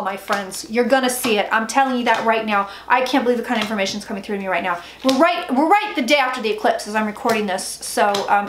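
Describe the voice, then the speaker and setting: A woman giving an excited tarot reading, rushing and emphatic, swearing often and talking like an auctioneer. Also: on the high side. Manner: rapid, profane, emphatic, says she talks like an auctioneer. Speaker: psychic tarot reader. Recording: echoey room with faint noise.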